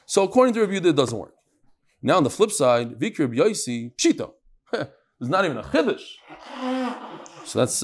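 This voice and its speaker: A high-voiced man leads a Talmud class with a voice that swoops up and down. He teaches by firing rhetorical questions at his students and often breaks off and restarts his sentences. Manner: animated, fires rhetorical questions, frequent restarts.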